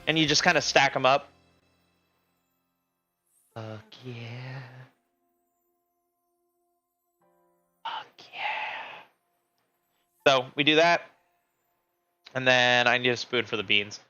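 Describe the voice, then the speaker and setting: Male streamer, slightly high, bright voice, rambling kitchen chat, laughs a lot. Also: moderate pace, clean tone, lo-fi sound, faint music behind. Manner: rambling, laughs often, frequent restarts. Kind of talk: casual cooking stream chat. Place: home kitchen.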